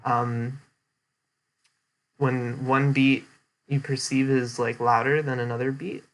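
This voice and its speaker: A man's voice: mid-range voice, flat delivery, slow, fairly bright tone. A young man casually explaining a presentation he gave, rambling with lots of fillers and restarts. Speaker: streamer giving a presentation recap. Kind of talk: casual chat.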